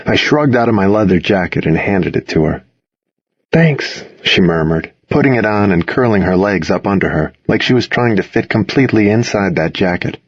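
A man reading a first-person story aloud as an audiobook narrator, at a measured, steady pace. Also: sits low, husky, dry recording, lo-fi sound.

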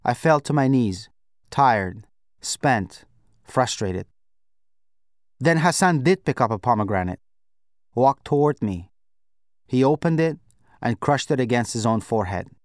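Measured man reading a novel aloud. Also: mid-range voice, expressive, no echo, studio quality. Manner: measured, reflective first-person telling. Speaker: audiobook narrator. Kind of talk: scripted narration.

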